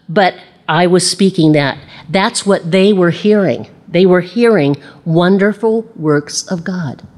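A woman's voice: on the low side, a little mellow. A middle-aged woman teaching a casual Bible lesson, chatty, laughing easily and acting out the voices she quotes.

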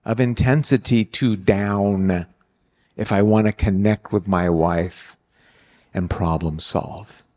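An older man preaching on marriage, animated, acting out quoted lines with bursts of loud exclamation. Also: mid-range voice. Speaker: speaker on marriage. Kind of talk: sermon. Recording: long hall reverb.

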